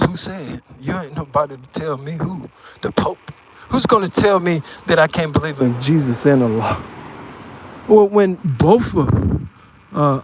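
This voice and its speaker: A man's voice: mid-range voice, low-quality recording. Man, casual livestream talk, outdoors on a phone mic, rambling, traffic noise behind. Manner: rambling, talks to viewers while walking. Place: outdoors on a city street.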